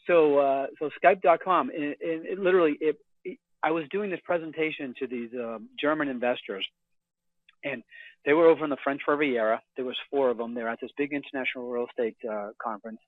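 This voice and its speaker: Man, energetic sales pitch, dry close sound, phone-like audio. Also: a little fast, no echo. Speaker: real estate investor guest. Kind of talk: phone interview storytelling. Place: hotel room. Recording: tinny dry phone line.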